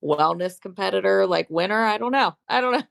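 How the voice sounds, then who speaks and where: A chatty woman in her late thirties or forties, a bodybuilder and fitness coach, telling stories on a podcast and playing out both sides of each conversation. Her voice sits in an ordinary middle pitch. The sound is dry and close, with no room echo. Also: fairly quick, vocal fry. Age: late 30s or 40s. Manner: chatty storyteller, acts out quoted dialogue. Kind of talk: casual chat.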